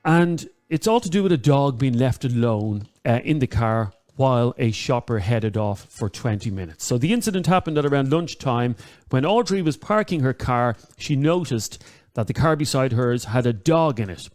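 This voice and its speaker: Irish male radio host, average pitch, chatty, filler-heavy, casual presenter. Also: lively intonation, normal speed, darkish tone. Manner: chatty, repeats phone numbers, frequent ums and uhs.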